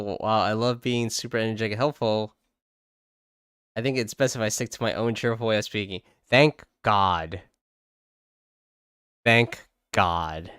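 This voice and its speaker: A man hosts a casual drawing livestream with a smooth, clear voice. He jokes and sounds exasperated, swearing freely as he chats. The recording is close and dry. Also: fairly low pitch, a bit bright, no room sound. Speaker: livestream host. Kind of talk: casual chat while drawing.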